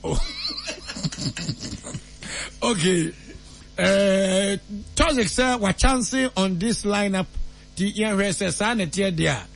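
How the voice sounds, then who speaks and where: A man's voice: high-pitched, takes it slowly, creaky, pauses often. A man with a Ghanaian accent playing a comic self-styled seer, swinging between mock-solemn pronouncements and loose joking. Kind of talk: comedic prophecy skit.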